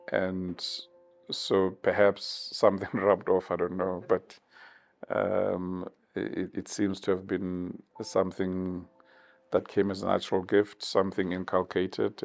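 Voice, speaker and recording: A man in his fifties from South Africa, giving measured, thoughtful interview answers with many pauses. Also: sits low, completely flat delivery, gravelly. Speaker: interview guest.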